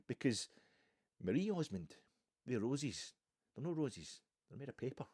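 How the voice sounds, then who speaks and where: A man from Ayrshire with a Scottish accent, chatting on his own about football in a rambling, animated way, full of asides and restarts. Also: medium pitch, moderate pace, husky, no room sound, studio quality. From Ayrshire, Scotland. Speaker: football podcast host. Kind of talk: rambling solo football chat.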